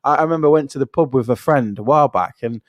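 Brief: middle-aged podcast co-host, lively anecdotal delivery, dry close sound. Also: male voice, medium pitch, racing, no room sound, highs cut off. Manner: animated storytelling, acts out pub banter in quoted voices. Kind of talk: casual podcast chat.

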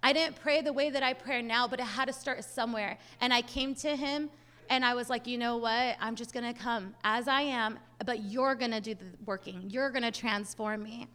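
A woman's voice: on the high side, moderate pace, a bit bright. A young woman sharing a personal testimony in a sermon, talking casually with lots of filler words. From Hispanic family, US. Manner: casual storytelling, many "like" fillers. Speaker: church speaker. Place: church sanctuary. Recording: long hall reverb.

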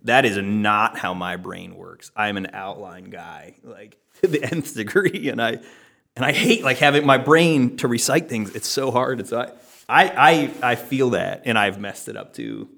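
Man, church podcast co-host, animated storyteller, pitch swings a lot, laughs easily. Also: normal speed, gravelly. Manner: animated, laughing often, self-deprecating. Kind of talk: casual storytelling chat.

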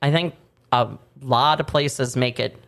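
A woman's voice: a bass voice, unhurried. A woman guest from a bakery explaining their goods in a radio studio, laughing often. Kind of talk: casual studio interview.

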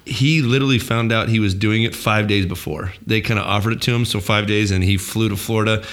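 A man's voice: on the low side, fairly even intonation, fairly quick, a bit bright. A man hosting a casual podcast chat, working through his notes and asking his co-hosts questions. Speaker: podcast host.

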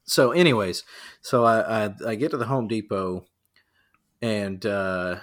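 A man's voice: on the low side, measured pace, fairly bright tone. A man co-hosting a casual podcast, joking and swearing as he tells a meandering story. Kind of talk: casual chat.

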